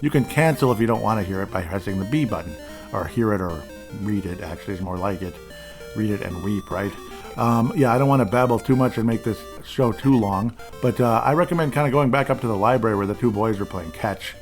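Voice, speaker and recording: A man's voice: on the low side, fairly quick, soft background music. A man hosting a casual game walkthrough, rambling along as he plays and chuckling often at his own mistakes. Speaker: host.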